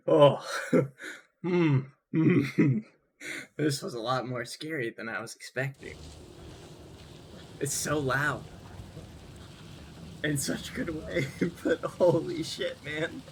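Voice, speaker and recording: A man's voice: a little high, very slow, pauses often, a little mellow, breathy edge. A man streaming a horror game live, reacting nervously with laughs and exclamations. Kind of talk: live gameplay commentary. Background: game music.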